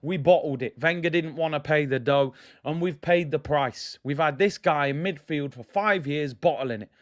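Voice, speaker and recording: On his football fan channel, a man rants bluntly at his viewers, calling them "people" and repeating points to drive them home. It's a ranting fan reaction vlog, delivered at normal speed in a fairly high-pitched voice.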